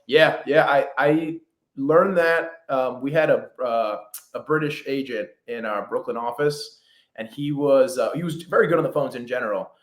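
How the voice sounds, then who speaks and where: Real estate trainer guy talking fast, lots of um and like, echoey room. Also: mid-range voice. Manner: fast talker, many fillers. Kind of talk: casual podcast interview. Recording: roomy echo.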